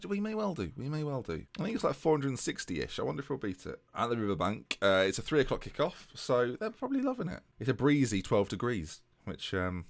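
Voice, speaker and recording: A man's voice: medium pitch, sing-song, brisk, gravelly, few pauses, no room sound. A young man giving chatty, jokey play-by-play commentary on a football management game.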